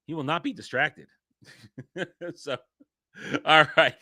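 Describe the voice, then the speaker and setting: Bright-voiced man rambling on a stream. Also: fairly high pitch, takes it slowly, no room sound, studio quality. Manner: rambling, self-interrupting, chuckles often. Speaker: streamer host. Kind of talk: casual livestream chat.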